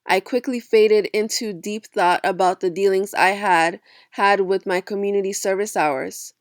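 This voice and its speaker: A woman giving a measured first-person audiobook narration of a young adult novel. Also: mid-range voice, steady tone, dry recording, clean studio sound.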